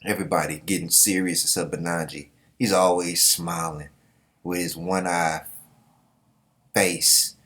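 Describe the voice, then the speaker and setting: A man with a fairly low voice talks through a comic chapter in loose, casual commentary. He jokes and curses freely, reading the panels out and reacting as he goes. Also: level tone, unhurried, a bit bright. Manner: profane, joking, reads panels aloud in put-on voices. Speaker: manga reaction host.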